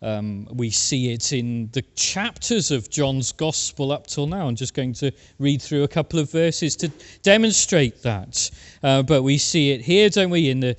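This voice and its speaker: A man preaching a sermon, talking to the congregation with rhetorical questions and frequent filler pauses. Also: mid-range voice, expressive. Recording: long hall reverb.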